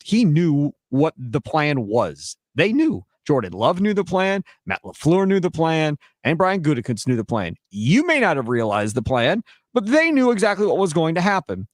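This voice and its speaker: A man co-hosting sports talk radio, explaining things to listeners in a measured way. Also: on the high side, no room sound, studio quality.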